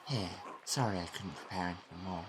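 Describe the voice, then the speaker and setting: A man reading the lines of a steadfast, devout middle-aged farm wife in a game, in a calm, plain way. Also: sits low, brisk, noisy background, lightly acted. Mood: steady.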